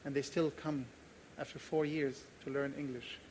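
A man's voice: medium pitch, little pitch movement, normal speed, darkish tone, slight background noise. A man pastor preaching a sermon, earnest and emphatic, repeating key phrases and telling personal stories.

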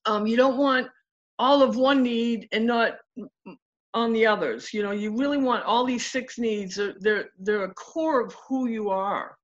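Woman guest, coaching type, chatty storyteller, higher voice, muffled lo-fi sound. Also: unhurried. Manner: animated, acts out quotes of clients. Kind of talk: casual storytelling interview.

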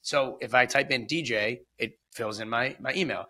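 A man co-hosting a podcast and working as a listing agent, talking in an animated, exasperated way, acting out phone calls and swearing. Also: medium pitch, moderate pace. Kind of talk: casual podcast chat.

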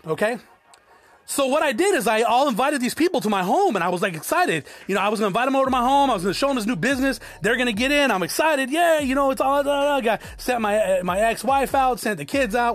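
A man's voice: extremely high pitch, very animated, fast talker. A man in his forties from South Tucson giving a blunt, profane motivational talk to his viewers. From South Tucson, Arizona. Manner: blunt, profane, preachy, addresses viewers as guys. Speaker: entrepreneur vlogger. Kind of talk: motivational monologue to camera.

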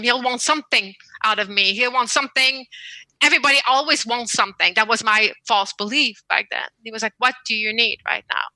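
A woman guest on a podcast interview, telling a personal story in an earnest, measured way and slowing down on the words that matter. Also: on the high side, pushed and bright, no echo, rough recording.

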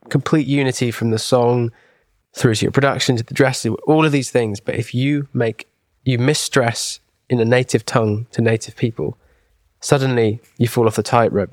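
A man's voice: medium pitch, no room sound, clean studio sound. A man, co-hosting a podcast in casual chat, rambling enthusiastically with many asides and restarts. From England. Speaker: podcast co-host.

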